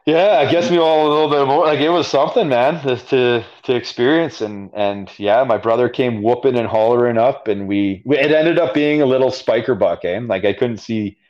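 A man's voice: mid-range voice, normal speed, hardly any pauses, a little mellow. A man with a Canadian accent, a podcast guest telling a story casually, full of fillers. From Alberta, Canada. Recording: dull lo-fi audio.

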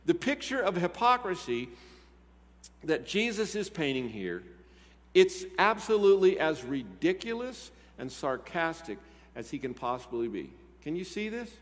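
A man's voice: a little high, very animated, a little slow. A man who is a pastor, preaching a sermon in a conversational way and asking his congregation questions. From Texas. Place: church sanctuary. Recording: church hall reverb.

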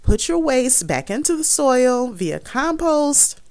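Slow, earnest woman gardener. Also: sits high, very animated, darkish tone, no room sound. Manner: earnest, laughs often, emphatic repetition. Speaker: gardening podcast host. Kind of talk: casual monologue. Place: Chicago area.

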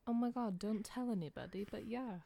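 A woman's voice: a little high, brisk, vocal fry, warm tone, no echo, studio quality. A woman voicing a polite, secretive female pop star with a put-on British accent. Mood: polite, sheepish.

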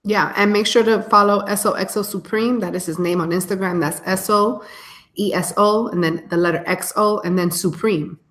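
A woman co-hosting a podcast live, chatting casually with slang and shout-outs over a phone mic. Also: mid-range voice, fairly even intonation, normal speed. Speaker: podcast co-host. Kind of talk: casual live-stream chat.

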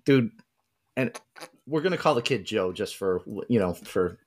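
Male co-host, low voice, dry deadpan storyteller. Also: a little slow. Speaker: podcast co-host. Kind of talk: casual storytelling.

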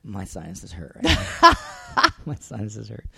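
A man's voice: on the low side, wildly swooping pitch, unhurried, gravelly, bright, forceful tone, husky, no echo. Man, podcast co-host, whiny and self-mocking, dry mic. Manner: grumbling, self-deprecating, laughs it off. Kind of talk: casual chat with spouse.

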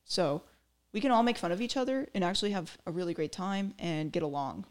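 A woman's voice: lowish voice, a little fast. A woman podcast host breaking down a comedy routine in casual, opinionated commentary that turns into rants, with lots of "like" and "um.". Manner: opinionated, ranting, filler-heavy.

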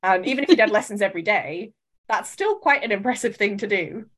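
Casting note: British woman, podcast co-host, mid-pitched, measured and reflective, hedges a lot. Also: expressive, fairly bright tone. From United Kingdom. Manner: thoughtful, measured, hedging with restarts. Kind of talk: casual chat.

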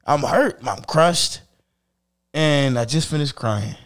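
Animated high-voiced man, blunt podcast talk. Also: takes it slowly. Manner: emphatic, heavy swearing, swings from quiet to loud. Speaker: podcast host. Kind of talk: candid podcast conversation.

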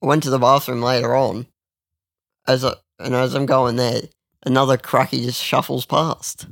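Young man, crude and rambling storyteller; gravelly, dry close recording. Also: medium pitch, level tone, moderate pace, dry recording. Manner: rambling, crude, with lots of restarts. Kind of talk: casual storytelling chat.

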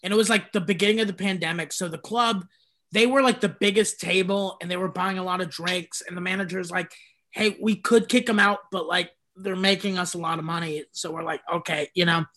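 Bright-voiced comedian telling stories. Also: male voice, sits high, a little fast. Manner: animated storytelling with frequent laughs and swearing. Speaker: stand-up comedian. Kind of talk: casual chat.

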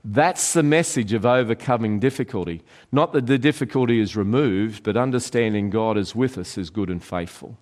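A middle-aged man preaching a sermon, earnest, slowing and softening his voice on key phrases. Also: lowish voice. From Australia. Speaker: pastor.

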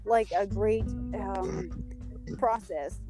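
A woman's voice: mid-range voice, steady tone, drawn-out words. A woman in casual podcast chat, candid and profane, laughing often and acting out the voices she quotes. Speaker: podcast guest interviewing the host. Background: background music.

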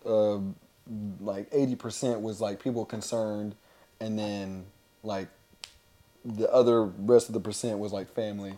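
A man's voice: lowish voice, fairly even intonation, measured pace, warm tone. A young man co-hosting a podcast, telling stories in a casual chat, laughing often and swearing freely. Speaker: podcast co-host.

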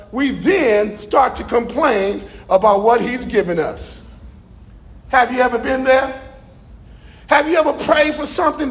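A middle-aged male pastor from Los Angeles, preaching a sermon in a church with emphatic, shouted bursts and calls to the congregation. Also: extremely high pitch, vocal fry.

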